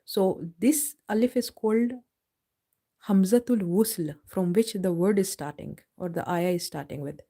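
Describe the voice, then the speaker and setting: A woman teaching Quran recitation in a live online lesson, explaining patiently step by step and slowly drawing out each example word. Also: mid-range voice, mellow.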